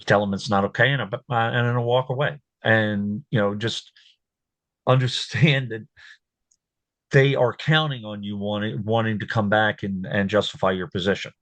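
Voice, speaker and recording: A man hosting his own show, talking casually, repeating words and growing animated when he tells what he said. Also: lowish voice, moderate pace, no echo. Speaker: host. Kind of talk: casual commentary.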